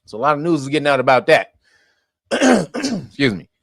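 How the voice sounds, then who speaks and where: A man's voice: on the high side, big pitch swings, moderate pace, vocal fry, fairly bright tone, no room sound, clean studio sound. A man hosting a commentary show, talking bluntly and profanely, laughing often and mocking what he reads. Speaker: commentary podcast host.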